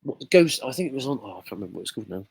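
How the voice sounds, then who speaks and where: A man's voice: mid-range voice, big pitch swings, racing, creaky, darkish tone, breathy edge, no room sound. A man from the UK hosting a casual live quiz, jokey and chatty as he reads out viewers' comments. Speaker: quiz host.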